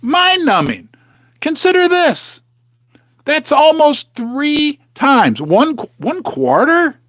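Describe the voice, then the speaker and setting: A man's voice: very high voice, wildly swooping pitch, slow, fairly bright tone, dry recording, clean studio sound. A man hosting a casual, rambling commentary from his basement, talking straight to his viewers with sarcastic asides and muttering to himself. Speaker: host of a precious metals channel. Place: home basement.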